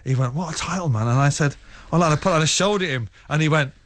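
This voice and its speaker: A man's voice: on the high side, fast talker. A man in his forties, a guest in a radio studio, telling rambling stories in casual chat with frequent restarts and laughs.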